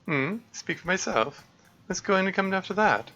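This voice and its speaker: A man's voice: high-pitched, lively intonation, moderate pace, bright, forceful tone, voice pushed up, full character voice. A man voicing a cheeky, dry-witted older man who teases in a raised voice. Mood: teasing. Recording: dull lo-fi mic, faint music.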